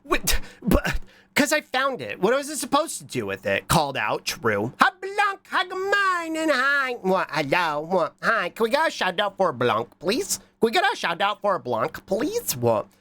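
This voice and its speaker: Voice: huge pitch swings, moderate pace, pushed and bright. A livestreamer chatting casually while reacting to videos and reading chat, sounding congested from a cold and talking in a scattered, goofy way. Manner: scattered and goofy, with frequent repeated "What?" and squeaky high bursts.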